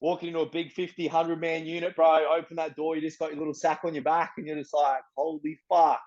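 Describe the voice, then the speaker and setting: Young man, Australian accent, slightly high voice, profane street slang, casual interview storytelling, muffled lo-fi sound. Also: quick pace. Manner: blunt and profane, street slang, animated retelling.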